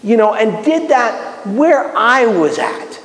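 Man, very high pitch, animated sermon delivery, repeated restarts, roomy hall echo. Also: slow. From Miami, United States. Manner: animated, acts out prayers, many restarts. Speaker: bible teacher. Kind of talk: sermon-style teaching. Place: community center hall. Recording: echoey hall with long reverb.

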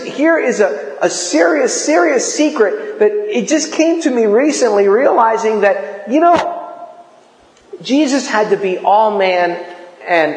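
A man preaching a sermon in a lively, conversational way, acting out quotes as he goes. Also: very high-pitched. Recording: echoey hall.

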